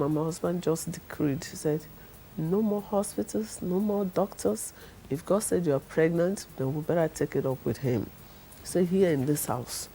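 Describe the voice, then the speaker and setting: A middle-aged woman, telling her testimony in a lively way and acting out the people she quotes. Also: low voice, a little hiss or hum, rough recording. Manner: acts out the people she quotes, laughs often. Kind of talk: animated storytelling.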